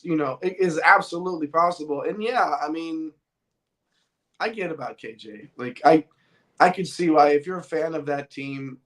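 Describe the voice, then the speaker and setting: A man co-hosts a relaxed sports podcast in a slightly higher-pitched voice. He rambles, backtracks and fixes his words as he goes. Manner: rambling, self-correcting. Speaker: podcast co-host. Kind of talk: casual sports chat.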